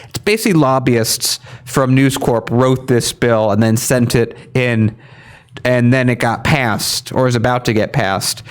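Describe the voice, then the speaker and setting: A man's voice: medium pitch, clear, resonant tone. A young man co-hosting an online news show, giving casual, argumentative opinion commentary and slipping into mocking quoted voices.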